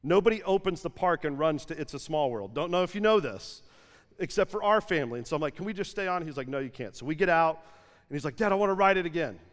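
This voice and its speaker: A pastor in his thirties telling a family story in a lively sermon, peppered with "like" and acted-out quotes. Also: on the high side, fast talker. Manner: lively anecdotal storytelling with frequent "like", acting out quotes. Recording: long hall reverb from a church stage.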